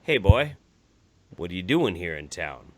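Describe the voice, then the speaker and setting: A man putting on the voice of a huge, gruff older uncle who talks loud and profane. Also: low voice, sing-song, unhurried, pitched below the performer's own voice, full character voice. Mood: blustering.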